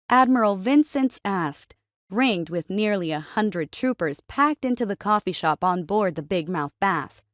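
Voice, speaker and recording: A woman reading a science fiction story aloud in a steady, even storytelling voice. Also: medium pitch, no echo, clean studio sound. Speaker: narrator. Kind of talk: scripted story narration.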